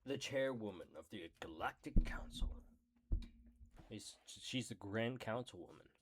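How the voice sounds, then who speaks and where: Man, deep voice, slow, halting casual read-aloud, self-corrections. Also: animated, a little hiss or hum. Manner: stumbling over words, self-correcting and apologizing. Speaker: hobby reader of a character book.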